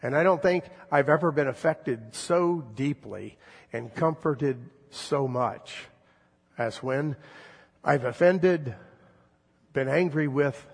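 A man in his fifties, a pastor giving an earnest, gentle sermon with slow, drawn-out emphasis and a husky voice. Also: mid-range voice, long reverb tail.

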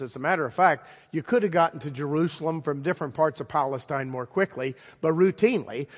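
A man preaching a sermon in a conversational storytelling manner, with dramatic pauses. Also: on the high side, husky. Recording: long hall reverb.

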